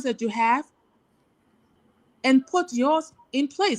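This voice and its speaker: Higher-pitched woman from Liberia, urgent rallying appeal, guest on a video call, voice rising on calls to action. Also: slow.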